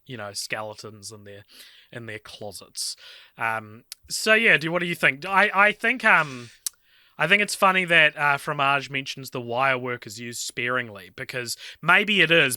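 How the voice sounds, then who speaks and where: A man co-hosting a podcast, joking and laughing through casual chat. His voice is very bright and tense, and it is recorded dry and close with no room sound. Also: medium pitch, clean tone, dry recording. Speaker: podcast co-host.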